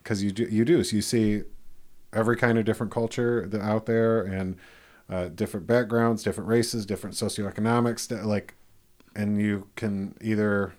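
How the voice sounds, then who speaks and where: Chatty male host, casual and profane, low pitch. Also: steady tone, moderate pace, darkish tone. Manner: chatty, laughs often, swears casually. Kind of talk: casual chat.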